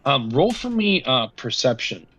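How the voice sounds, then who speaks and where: A man's voice: mid-range voice, very animated, unhurried, fairly bright tone, slightly rough. A man running a tabletop game as game master, rambling and hesitant. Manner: rambling, lots of ums and uhs.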